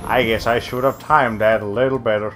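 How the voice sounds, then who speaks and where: A man's voice: medium pitch, steady tone, a little fast, fairly bright tone, soft background music. A young man giving casual, rambling commentary while streaming a video game, often cutting himself off mid-sentence. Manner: rambling, self-interrupting, with many fillers.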